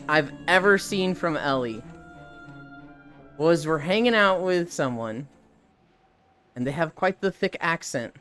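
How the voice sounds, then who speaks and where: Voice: mid-range voice, expressive, a little slow, pauses often, a bit bright, faint music behind. A live streamer chatting casually with viewers, laughing often and reading chat messages aloud.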